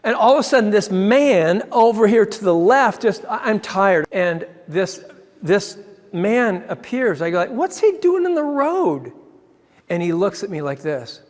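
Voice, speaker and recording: A man, a ministry founder, telling a personal story in an excitable way, often restarting his sentences and chuckling. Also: high voice, moderate pace. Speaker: ministry founder giving a talk. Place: church hall. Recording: long hall reverb.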